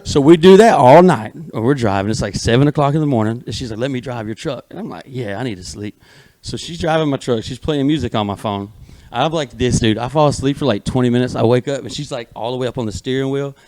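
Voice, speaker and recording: Man, comedian, casual podcast storytelling, profane, animated, plays out both sides of dialogue. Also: mid-range voice, quick pace, no echo. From Alabama. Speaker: guest comedian.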